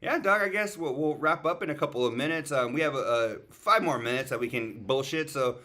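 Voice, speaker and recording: A man's voice: medium pitch, brisk, sharp tone. A man co-hosting a podcast in casual chat, talking slangy and swearing often, calling people "dog" while he streams from a family road trip. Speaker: podcast co-host. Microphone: streaming setup.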